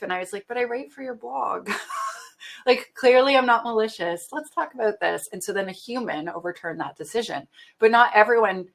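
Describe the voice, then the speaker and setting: A woman's voice: mid-range voice, a bit bright. A Canadian woman presenting a webinar in a chatty, casual way, laughing often and using lots of fillers.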